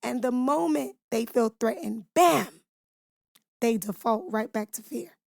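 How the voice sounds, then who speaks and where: A woman's voice: fairly high pitch, animated, measured pace, gravelly, darkish tone, dry recording, studio quality. A woman hosting a devotional podcast, teaching scripture in an emphatic preaching cadence, asking her listeners rhetorical questions and speaking to them directly and informally.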